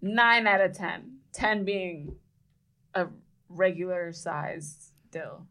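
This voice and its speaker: Blunt woman co-host, lower voice, emphatic and frank. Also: takes it slowly, fairly bright tone. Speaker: podcast co-host. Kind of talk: casual chat. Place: New York City.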